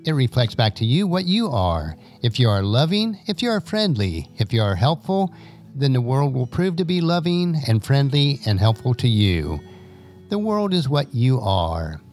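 An older man voicing a calm, wise father who gently explains things to his young son in a story. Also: mid-range voice, moderate pace, soft background music, close to an everyday voice. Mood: gentle teaching.

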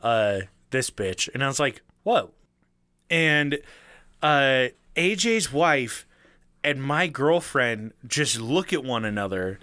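A young man telling a story in casual chat, animated, swearing freely and acting out the people he quotes. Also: mid-range voice, slow pace, smooth, no room sound, clean studio sound.

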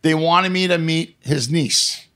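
A man chatting casually, telling stories in an excitable way. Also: a little high. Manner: fast, excitable storyteller, says "man" a lot. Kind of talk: casual chat.

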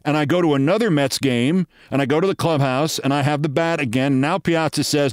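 A man's voice: on the high side, a little fast, hardly any pauses, smooth, dry recording, studio quality. A man in his sixties hosting a show, telling a personal story in a wry monologue and acting out the voices of the people in it.

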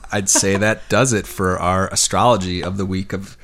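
A man giving a casual, excited weekly astrology forecast, rambling with fillers and slightly out of breath. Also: low-pitched, moderate pace.

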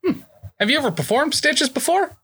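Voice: high voice, big pitch swings, brisk, fairly bright tone, pitched above the performer's own voice. A tabletop player voicing a tall, cheeky male rogue in a breezy, playful manner.

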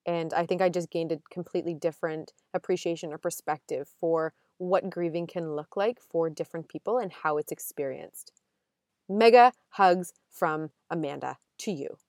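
A young adult woman hosting a casual solo podcast, chatting emotionally with quick asides and restarts. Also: sits low, a little mellow, no room sound, studio quality. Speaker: podcast host.

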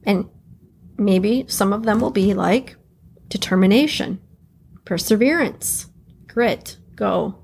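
Slow, gravelly-voiced woman guiding reflection. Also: mid-range voice, slight background noise. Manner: slow, calm, repeats key phrases to guide listener. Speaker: podcast host. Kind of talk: guided reflection exercise.

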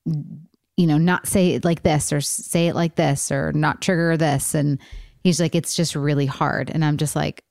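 Woman podcast host, low voice, dry close mic, candid and rambling with lots of fillers. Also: fairly even intonation, normal speed, darkish tone, no room sound. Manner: rambling, many fillers and restarts. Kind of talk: candid casual chat.

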